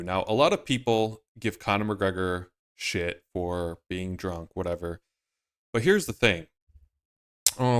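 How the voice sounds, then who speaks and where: A man's voice: fairly low pitch, a bit bright. A man hosting his own commentary video, talking casually in a rambling, emphatic, opinionated way. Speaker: MMA YouTuber host.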